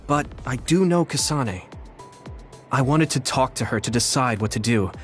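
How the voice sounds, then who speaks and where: A man's voice: medium pitch, expressive, normal speed, soft background music, lightly acted. An actor playing an earnest, straightforward young man who speaks sincerely and plainly in a game cutscene.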